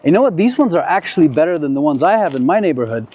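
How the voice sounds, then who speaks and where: A man's voice: on the high side, sing-song, fast, mellow. A man hosting a casual walk-and-talk vlog on city streets at night, chatty and jokey, rambling with restarts. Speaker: vlogger host. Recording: noisy outdoor street.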